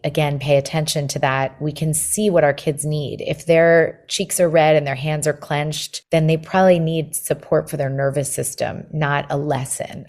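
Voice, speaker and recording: A woman's voice: deep voice, darkish tone. A woman, a book author, as an interview guest, explaining parenting ideas step by step and acting out what a parent might think. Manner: explains step by step, acts out parent and child thoughts. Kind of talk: conversational podcast interview.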